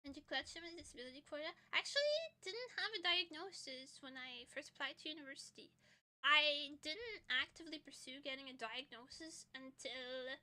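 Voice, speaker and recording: A woman's voice: high voice, normal speed, sharp tone. A young adult woman streaming, chatting casually and informally with her viewers and swearing freely. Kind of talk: casual chat.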